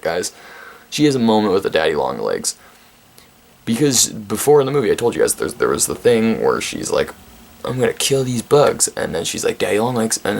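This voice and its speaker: A man's voice: fairly low pitch, vocal fry. A man in his twenties casually recapping a movie with profane, rambling humor and frequent laughs. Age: 20s. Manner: rambling, profane, laughs often, many restarts. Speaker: vlog host reviewing a movie.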